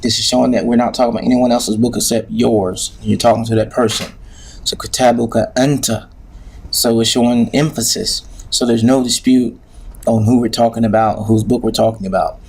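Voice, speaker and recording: A man's voice: mid-range voice, steady tone, fairly quick, darkish tone, slightly rough. A man teaching an Arabic grammar lesson, patient and hesitant, with many filler sounds.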